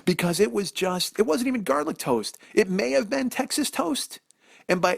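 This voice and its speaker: Gravelly man ranting comic story. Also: high voice, no echo, clean studio sound. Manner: animated, profane, ranting. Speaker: podcast host telling a story. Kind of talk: comedic storytelling monologue.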